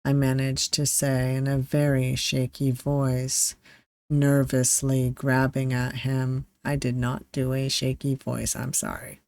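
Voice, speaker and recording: A game streamer reading a visual novel aloud, deliberate and measured, with the odd self-aware aside. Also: mid-range voice, monotone, vocal fry, a little mellow, no echo.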